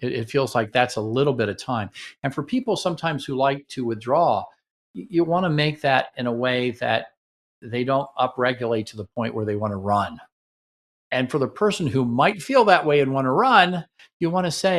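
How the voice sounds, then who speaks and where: A man hosts a radio show about relationships. He coaches in a casual, conversational way and keeps checking in with "right?". His voice sits at a middle pitch. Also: lively intonation, moderate pace. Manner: coaching, acts out partner dialogue, asks "right?". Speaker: radio host and relationship counselor. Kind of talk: casual teaching talk on radio.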